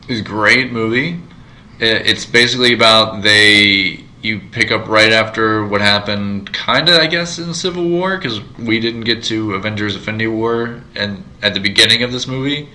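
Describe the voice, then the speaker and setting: Bright-voiced rambling man. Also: lowish voice, fairly even intonation, normal speed, rough recording. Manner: rambling, many fillers and restarts. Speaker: podcast co-host. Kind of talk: casual chat.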